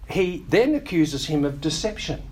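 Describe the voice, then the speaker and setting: A male pastor preaching a sermon, teaching in a conversational way with wry asides and quick acted-out quotes of other people. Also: a little high, very animated, a little mellow.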